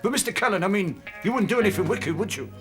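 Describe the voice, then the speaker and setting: A man voicing a nervous male sidekick, pleading in a high whiny voice. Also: expressive, fast, soft background music. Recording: 1970s TV studio with audience.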